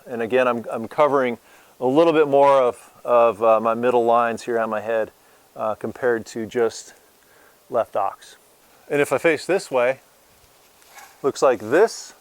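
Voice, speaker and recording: A man gives a loose, unscripted lesson on sword guards and pauses often on small fillers. His voice is smooth and resonant, at an ordinary pitch. The sound is dry and close. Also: no room sound. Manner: relaxed and hesitant, with many fillers. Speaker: sword instructor. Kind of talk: casual demonstration lesson.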